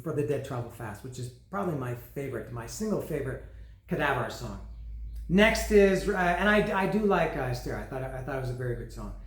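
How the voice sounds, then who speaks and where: A man's voice: on the high side, a bit bright. Rambling man reviewing an album, roomy sound. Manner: rambling and self-deprecating, often restarting sentences. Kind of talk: casual solo album review.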